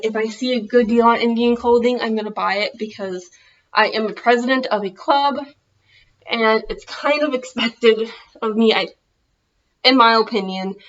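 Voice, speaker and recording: Minnesota-accent woman chatting thru a tutorial, kinda high voice, loses her train of thought a lot, muffled lo-fi audio. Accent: Minnesotan American. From United States. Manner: rambling, loses her thread, self-correcting. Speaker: vlogger. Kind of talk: casual tutorial chat.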